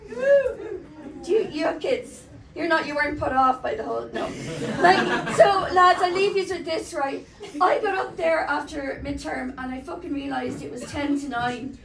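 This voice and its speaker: A woman's voice: high-pitched, gravelly, background noise. An Irish woman performing a crude, self-mocking stand-up comedy set in a live comedy club, chatting with the crowd. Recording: roomy, distant live club sound. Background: loud crowd laughter.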